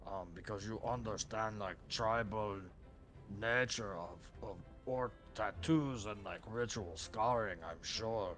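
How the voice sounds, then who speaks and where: A man's voice: on the low side, slow, fairly bright tone, faint music behind. A man voicing an earnest male orc warrior who speaks in broken English, full of hesitant fillers. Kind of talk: tabletop role-play voicing.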